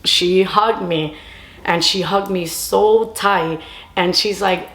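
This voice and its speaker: A young woman tells a storytime to camera, chatty and loose, slipping Spanish phrases into her English. Her voice sits a little low for a woman. The room around her gives a noticeable echo. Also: fairly even intonation, takes it slowly, a bit bright. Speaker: storytime vlogger. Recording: roomy echo.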